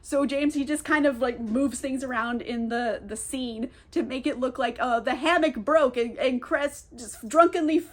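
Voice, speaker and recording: A woman's voice: sits high, normal speed, few pauses. A young woman recapping a novel in a candid, sarcastic way, with lots of fillers and casual swearing. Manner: chatty, filler-heavy storytelling. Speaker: book reviewer.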